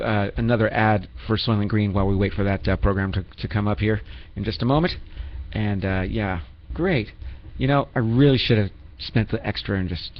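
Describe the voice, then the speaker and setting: Male radio host, rambling and self-mocking, with a lively, animated pitch and faint music under a slightly muffled recording. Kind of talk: comedic radio banter.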